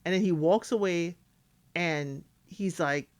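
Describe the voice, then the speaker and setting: A woman's voice: fairly low pitch, slow pace. A woman giving casual recap commentary on a reality dating show, acting out cast members' lines as she talks.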